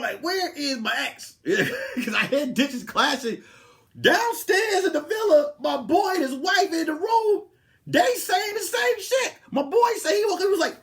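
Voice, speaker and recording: Guy comic telling a wild story on his podcast, highish voice, super lively, goes quiet then gets loud. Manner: animated, swings from hushed asides to loud laughing outbursts. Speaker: comedian podcast host.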